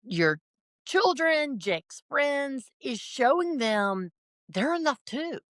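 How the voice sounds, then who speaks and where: A woman's voice: high-pitched, very animated, slow pace, no echo, clean studio sound. A woman guest on a podcast, speaking in an affirming, reflective way in conversation. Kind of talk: supportive conversational chat.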